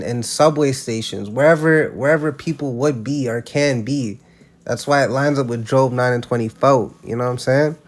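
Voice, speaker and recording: A man giving casual religious commentary, emphatic and slangy, often restarting his sentences. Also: medium pitch.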